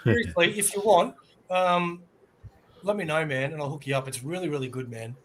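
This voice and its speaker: A man chatting casually on an online hangout show, animated and acting out quotes as he retells a show. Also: a little high, a little fast, a little hiss or hum. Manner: animated storyteller, acts out quotes.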